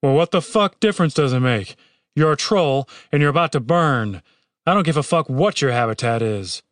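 A brash, foul-mouthed young man, voiced by a man reading an audiobook, talking loud and pushy. The sound is close and dry. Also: mid-range voice, normal speed, smooth, no room sound, close to an everyday voice. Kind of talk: audiobook character voice.

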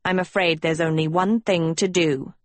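A woman voicing a proud, guarded teenage villain girl in an audiobook, with a low, quiet, measured delivery. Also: steady tone, no echo, lightly acted. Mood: cold. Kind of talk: audiobook character voice.

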